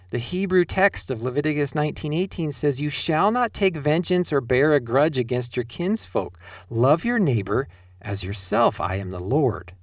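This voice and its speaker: A man's voice: on the high side, dry recording, studio quality. A middle-aged man giving a sermon-style spiritual talk, asking rhetorical questions and speaking straight to his listeners. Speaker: spiritual teacher.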